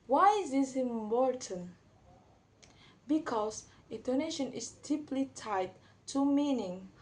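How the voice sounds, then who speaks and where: A young woman giving a class presentation, reading from notes a little haltingly. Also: sits high, expressive. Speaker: student presenter.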